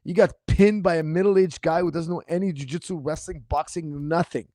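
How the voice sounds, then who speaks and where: Animated man with a strained voice. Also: a little high, brisk, no echo, studio quality. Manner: animated, incredulous and mocking, repeats himself. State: slightly strained voice. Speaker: martial arts coach answering viewer questions. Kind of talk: casual livestream Q&A.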